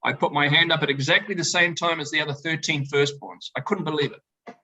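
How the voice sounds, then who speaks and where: A middle-aged man, a winemaker, telling animated, joking stories to a tasting audience over a video call. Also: on the high side, fairly quick, breathy edge, rough recording. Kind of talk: storytelling talk to a tasting audience. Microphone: video call presentation.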